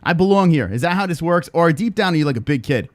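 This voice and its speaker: A man hosting a casual interview, excitable and hyping up his guest. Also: fairly high pitch, fast, no room sound. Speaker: podcast host.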